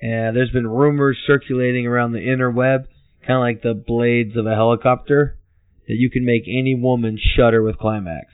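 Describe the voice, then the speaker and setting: A man's voice: mid-range voice, fairly even intonation, moderate pace, clean tone, no room sound. A man hosting a casual interview, asking questions in a joking, mock-formal way. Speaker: host. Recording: tinny phone-like line.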